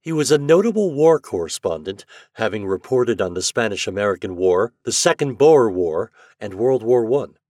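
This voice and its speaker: A man's voice: on the low side, big pitch swings, normal speed, few pauses, darkish tone, no room sound, clean studio sound. A man who hosts an audio fiction podcast and narrates classic stories in a friendly, conversational manner. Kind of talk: scripted narration.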